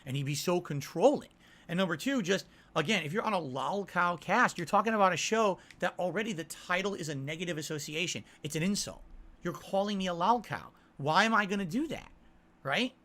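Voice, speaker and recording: Bright high-voiced man chatting to viewers. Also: expressive, brisk. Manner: defensive, talks to chat with frequent "right?". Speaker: streamer answering chat. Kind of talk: casual livestream chat.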